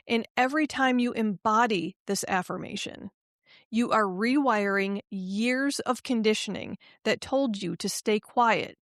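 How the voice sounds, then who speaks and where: A woman hosting a motivational podcast, speaking in an emphatic, affirming way that turns halting and emotional when she gets personal. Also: fairly high pitch, no echo, studio quality. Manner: slow, emphatic, affirming delivery. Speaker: podcast host and life coach.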